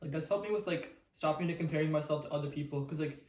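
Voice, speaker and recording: A man's voice: a little high, darkish tone, roomy sound, a little hiss or hum. A young man co-hosting a podcast, chatting casually and rambling with lots of fillers. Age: young adult. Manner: quick, rambling, many fillers. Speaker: podcast co-host. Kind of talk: casual chat.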